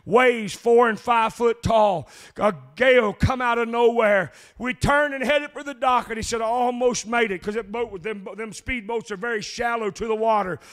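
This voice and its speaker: A man preaching a sermon, telling a long story and then shouting in a rhythmic chant with "uh" before each phrase. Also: very high-pitched, steady tone, normal speed.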